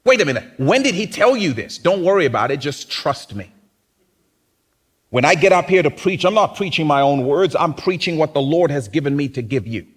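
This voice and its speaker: A man's voice: on the high side, lively intonation, fairly quick, husky. A man preaching a sermon as pastor, talking conversationally and acting out other people's voices. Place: church.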